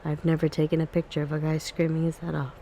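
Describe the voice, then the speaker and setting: A wisecracking boy mocks his friend in a spooky storybook, read by a woman in a soft ASMR style. He rattles his lines off quickly, and the tone stays mellow. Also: sits low, completely flat delivery, slight background noise. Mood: mocking.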